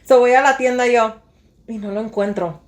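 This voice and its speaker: A young woman whose first language is Spanish, co-hosting a podcast and telling animated stories in casual chat, slipping Spanish phrases in. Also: on the high side, a little fast. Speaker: podcast co-host.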